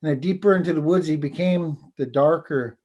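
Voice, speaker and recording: A man, a teacher and storyteller, telling a folk tale over a video call in an unhurried, halting way. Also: a little high, a little mellow, highs cut off. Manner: unhurried, halting, repeats words. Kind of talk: oral storytelling.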